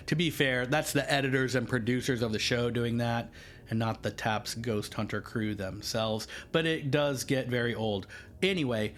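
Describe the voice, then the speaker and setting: A man hosting a podcast on his own, talking casually in a rambling, chatty way with self-deprecating asides. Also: mid-range voice. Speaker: podcast host. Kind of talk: casual solo podcast monologue.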